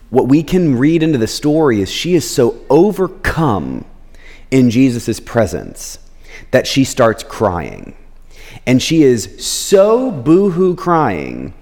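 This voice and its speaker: Casual pastor man in a big echoing hall. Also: darkish tone. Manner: conversational, keeps asking "right?"; acts out quotes with big pitch jumps. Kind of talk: sermon. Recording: long reverb of a large hall.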